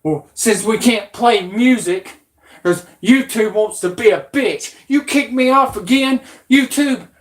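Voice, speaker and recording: Woman host, slow and hostile, cursing rant in an echoey room. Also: medium pitch. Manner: aggressive, profane, threatening. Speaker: channel host. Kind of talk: angry rant. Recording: roomy echo.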